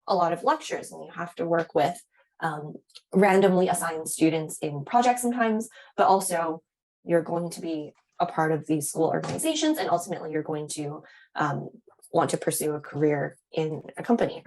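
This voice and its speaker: Young woman teaching interview skills, kinda low voice, lots of um and right?. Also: darkish tone, rough recording. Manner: casual, frequent "right?" and "um". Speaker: instructor.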